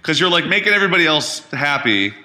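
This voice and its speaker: A man co-hosting a podcast in casual chat, animated and swearing freely. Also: fairly high pitch, fast. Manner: animated, swearing, laughs easily. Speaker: podcast co-host.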